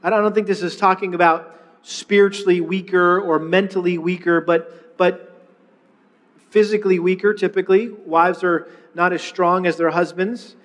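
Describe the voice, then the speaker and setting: A middle-aged man preaching a sermon, telling a personal story with lively retellings and frequent restarts. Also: high voice, normal speed, in a large hall. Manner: storytelling, animated, with many restarts. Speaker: pastor.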